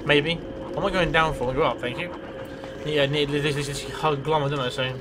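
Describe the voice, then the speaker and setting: A man's voice: fairly high pitch, fairly even intonation, a little fast, background noise. A man giving casual gameplay commentary as a let's play host, rambling, swearing freely and talking to himself.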